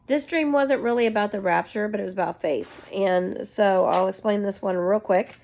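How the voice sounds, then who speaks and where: Slow-talking woman, earnest home vlog. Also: mid-range voice. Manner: earnest, rambling storytelling. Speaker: vlogger. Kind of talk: casual faith testimony to camera. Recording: dull lo-fi recording.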